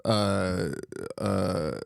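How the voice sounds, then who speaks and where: A man's voice: sits low, fairly even intonation, drawn-out words, creaky, no room sound, studio quality. A man hosting a casual chat show, bawdy and joking, calling people "honey.". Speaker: podcast host.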